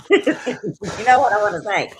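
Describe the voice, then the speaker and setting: A woman in her late thirties with a Southern US accent, chatting as an interview guest in a sassy, animated storytelling way. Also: medium pitch, slow, slight background noise. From American South. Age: 30s. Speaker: guest, bodybuilding competitor. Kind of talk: casual interview chat.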